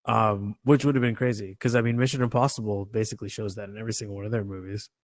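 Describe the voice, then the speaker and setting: A man's voice: on the low side, fairly even intonation, quick pace, dry recording, clean studio sound. A man co-hosting a casual movie podcast, joking and rambling with lots of filler words. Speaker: podcast co-host. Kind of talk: casual chat.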